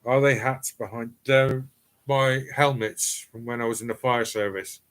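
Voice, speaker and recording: Man, middle-aged, East Cornish accent, live stream host, casual rambling chat, filled pauses, speaking from a cellar. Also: medium pitch, fairly even intonation, clean tone. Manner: chatty and rambling, with frequent ums and restarts. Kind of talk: casual live chat reading viewer comments. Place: home cellar.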